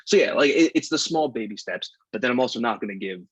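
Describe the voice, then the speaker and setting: A man's voice: medium pitch, lively intonation, quick pace, fairly bright tone, slightly rough, no room sound, poor audio. A man co-hosting a podcast, rambling in casual chat and saying "like" a lot. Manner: rambling, heavy use of "like". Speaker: podcast co-host.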